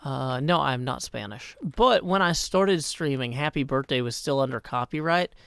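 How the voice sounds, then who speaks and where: A man's voice: mid-range voice, lively intonation, moderate pace, gravelly, a bit bright, clear, resonant tone, no room sound, clean studio sound. A man in his thirties hosting a casual live game stream, chatting wryly with viewers and muttering to himself as he plays. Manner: chatty, wry, reads chat aloud, mutters to himself. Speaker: livestream host. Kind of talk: casual live-stream chat while gaming.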